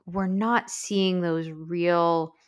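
A woman with a slightly low voice co-hosts a podcast. She talks casually and thinks aloud as she goes, often using "you know" and "like." Her delivery rambles in a thoughtful way. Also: steady tone, extremely slow. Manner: thoughtful, rambling, many fillers. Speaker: podcast co-host. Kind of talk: casual chat.

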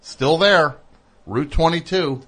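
A man's voice: fairly high pitch, takes it slowly, fairly bright tone. A middle-aged man hosting a radio show in a studio, chatting casually with an opinionated, teasing, rambling manner. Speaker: host.

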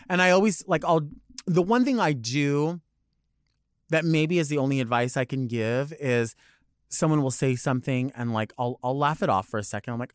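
A man, a drag performer, chatting casually on a podcast. He tells animated stories, acts out quotes and swears freely. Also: medium pitch, fairly quick, clean tone, no echo, clean studio sound.

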